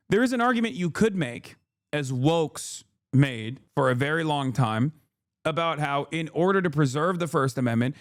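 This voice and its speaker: A man's voice: a little high, no echo, clean studio sound. A man in his thirties hosting a stream, commenting on a clip in a heated, emphatic way and swearing often. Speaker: streamer host reacting to a clip.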